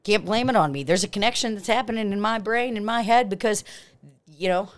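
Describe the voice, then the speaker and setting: A woman's voice: medium pitch, fairly quick, slight background noise, lightly acted. A woman playing a crass, blustering balding middle-aged male debt collector who swears and gets defensive in an improvised comedy sketch. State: out of breath. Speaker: podcast co-host.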